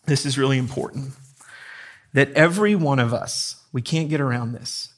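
A man's voice: medium pitch, moderate pace. A man preaching a sermon to his congregation in a conversational, emphatic way, acting out quotes and questions. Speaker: pastor. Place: church room with congregation.

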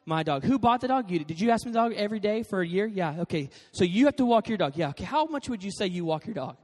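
High-voiced joking pastor in a reverberant hall. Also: male voice, fast talker. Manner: animated, joking storyteller. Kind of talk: sermon.

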